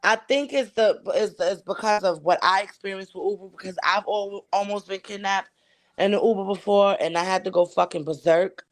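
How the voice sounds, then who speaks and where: A woman's voice: mid-range voice, normal speed. A woman with a mid-range voice tells a long story on a casual chat show. She swears constantly and talks with emphasis, acting out both sides of the dialogue. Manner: profane and emphatic, acts out quoted dialogue. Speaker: podcast co-host.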